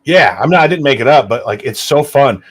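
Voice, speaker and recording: Podcast guy cracking jokes, excited, voice bouncing up and down. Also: medium pitch, fairly quick, breathy edge. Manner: enthusiastic, jokey, lively banter. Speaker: podcast co-host. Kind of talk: casual podcast chat.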